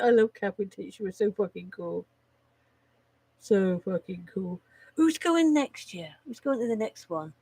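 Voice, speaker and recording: A woman's voice: mid-range voice, lively intonation, measured pace, dark tone, slightly rough, no room sound, rough recording. Rambling, sweary woman streamer. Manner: rambling, swears freely, laughs at own jokes. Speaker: live streamer. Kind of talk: casual live-stream chat reading out jokes.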